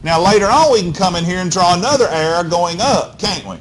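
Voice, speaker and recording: A man's voice: sits high, big pitch swings, a little fast, a little hiss or hum. A male physics teacher, lecturing a class in a folksy, coaxing way and checking in constantly with "okay?" and "all right?". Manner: folksy, coaxing, talks straight to students.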